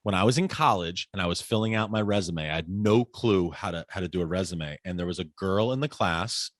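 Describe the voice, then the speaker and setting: Male podcast guest, forties, low-pitched, dry close sound, animated raconteur. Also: brisk, no room sound. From United States. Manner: animated storyteller, acts out quoted voices. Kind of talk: casual interview conversation.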